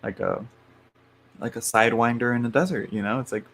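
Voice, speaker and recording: A man's voice: medium pitch, fairly even intonation, a little fast, a bit bright. A man hosting a live tarot reading stream, rambling along with lots of fillers and restarts and frequent chuckles.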